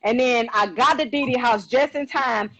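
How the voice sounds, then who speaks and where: High-pitched woman, middle-aged, casual storytelling, animated, acts out quotes. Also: moderate pace, lo-fi sound. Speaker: podcast co-host.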